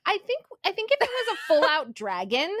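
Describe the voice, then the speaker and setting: A woman in her forties co-hosting a podcast, casual and animated, with quick reactions and easy laughter. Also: extremely high pitch, no echo, clean studio sound. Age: 40s. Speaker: podcast co-host. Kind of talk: casual chat.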